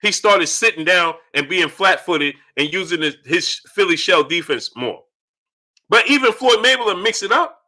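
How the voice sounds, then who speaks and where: A man hosting a live-stream boxing talk show from home, greeting viewers in chat and loudly acting out his own shouting at the screen. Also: high-pitched, animated, moderate pace. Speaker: boxing channel host.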